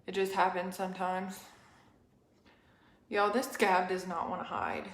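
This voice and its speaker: A woman's voice: lowish voice, big pitch swings, measured pace, fairly bright tone. Breathless chatty woman, echoey room. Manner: chatty, rambling, apologetic asides. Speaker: makeup seller and live-stream host. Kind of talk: casual live-stream makeup tutorial.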